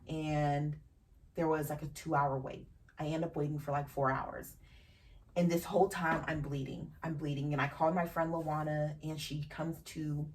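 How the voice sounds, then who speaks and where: A woman's voice: deep voice, a bit bright. A woman hosting a podcast, telling a personal story frankly and emotionally, with casual swearing. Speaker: podcast host. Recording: distant from the mic.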